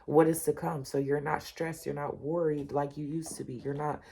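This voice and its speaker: A woman's voice: low voice, flat delivery, normal speed, gravelly, warm tone, husky. A woman giving a casual spoken tarot reading, talking straight to the listener, repeating her points with emphasis and reassurance. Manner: direct, repetitive, addresses the listener as you and y'all. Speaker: tarot reader.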